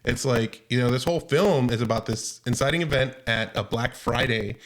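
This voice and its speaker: Podcast co-host, male, mid-pitched, rambling casual review chat. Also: moderate pace. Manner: rambling, hesitant, frequent restarts.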